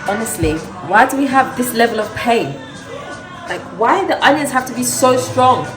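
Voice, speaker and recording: Expressive woman vlogging from a roomy kitchen. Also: fairly high pitch, normal speed, music in the background, a crowd in the background. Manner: expressive, exclaiming, talks to camera. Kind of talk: casual vlog chat. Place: home kitchen.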